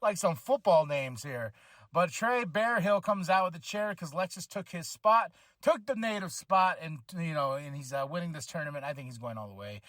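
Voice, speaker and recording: A man hosting a podcast, recapping a wrestling show in a casual, animated way, with frequent fillers and quick laughs. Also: a little high, no echo, studio quality. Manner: animated, acts out wrestlers' lines in quick voices. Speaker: podcast host.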